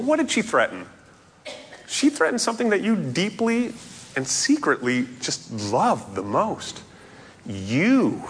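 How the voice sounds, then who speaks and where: A man preaching with a lively, swooping voice, shooting up high for emphasis and sinking low for quiet asides. His tone is a little husky, and a long reverb trails each phrase as if he stands in a big hall. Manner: animated, playful preaching with sudden loud jumps and quiet drops. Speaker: pastor. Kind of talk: sermon.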